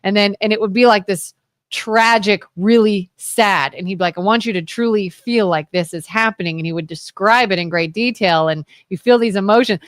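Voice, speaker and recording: A woman's voice: mid-range voice, normal speed, no room sound. Chatty woman co-host with a dry studio sound. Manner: rambling, animated storytelling. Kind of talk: casual talk radio chat.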